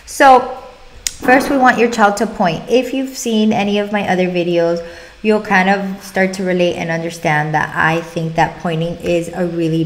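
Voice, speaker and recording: A young adult woman, a speech-language pathologist, talking parents through exercises in an upbeat way and stretching out words slowly to demonstrate. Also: fairly low pitch. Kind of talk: instructional talk to parents.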